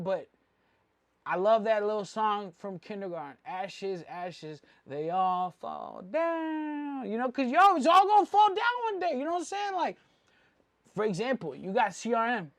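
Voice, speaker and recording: A man's voice: very high voice, sing-song, normal speed, pauses often, dry recording. A man from Mexico City, a jewelry vlogger, giving a rambling, slang-heavy opinion rant with frequent asides.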